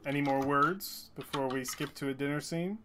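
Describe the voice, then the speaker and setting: A man's voice: fairly high pitch, normal speed, heavy background noise. A man narrating as game master of a tabletop game, often laughing as he narrates. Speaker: dungeon master.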